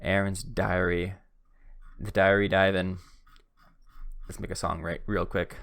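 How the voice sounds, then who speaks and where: Young man, deep voice, gravelly, casual self-deprecating storyteller, acts out the dialogue. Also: little pitch movement, unhurried, long pauses, fairly bright tone. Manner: self-deprecating, acts out both sides of the exchange, stumbles and restarts. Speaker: podcast host.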